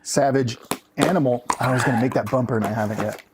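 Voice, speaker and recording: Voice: medium pitch, fast, noisy background. A co-host in a casual chat, unboxing fan mail, joking playfully and trying silly phrases. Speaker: podcast co-host.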